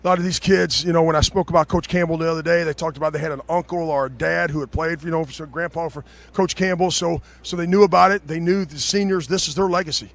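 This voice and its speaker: A man's voice: a little high, steady tone, fast talker, vocal fry, few pauses. A man, a head football coach, giving a heartfelt postgame interview on the field, stumbling over his words and restarting often. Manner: emotional, stammering with restarts. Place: outdoor football field after a game.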